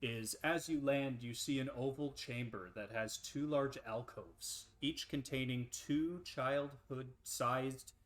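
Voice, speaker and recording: A man serving as game master of a tabletop role-playing game narrates and describes scenes in a relaxed way, with frequent ums and uhs. His mid-range voice is slow, with few pauses.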